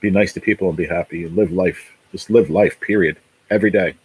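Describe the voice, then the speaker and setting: A man's voice: low voice, fairly even intonation, fairly quick, darkish tone, slightly rough, low-quality recording. A man in his late forties, hosting a casual livestream, talking bluntly, swearing a lot and repeating himself. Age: 40s. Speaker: livestream host.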